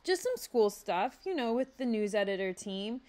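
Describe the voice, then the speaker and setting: A woman's voice: mid-range voice, sing-song, normal speed, darkish tone, voice pushed up, natural voice. A woman voicing a polite, easygoing teenage boy fox who talks casually. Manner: casual, apologetic.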